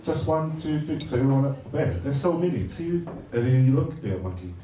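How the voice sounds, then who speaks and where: A man's voice: mid-range voice, big pitch swings, moderate pace. Joking Samoan man in an echoey hall. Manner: hesitant and joking, many fillers. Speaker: speaker at a birthday party. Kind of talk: casual speech at a party. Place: large party hall. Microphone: handheld mic. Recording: echoey hall from far off, noisy.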